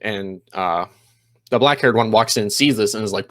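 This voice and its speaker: A man talking through an episode recap in a loose, rambling way, full of "you know" and "um", slipping into quick quoted lines as he goes. His voice sits somewhat low. The sound is dry and close, with little room echo. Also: fairly bright tone. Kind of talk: casual spoken recap.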